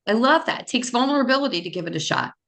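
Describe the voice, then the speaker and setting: Host: bright, animated woman coach, encouraging, on a video call. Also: fairly high pitch, rapid-fire. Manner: encouraging, upbeat, calls on people by name. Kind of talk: casual group video call.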